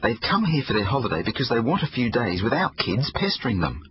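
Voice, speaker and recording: A man voicing a calm, easygoing father who speaks slowly and soothingly. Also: mid-range voice, dull audio, lightly acted. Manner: slow, soothing, unhurried.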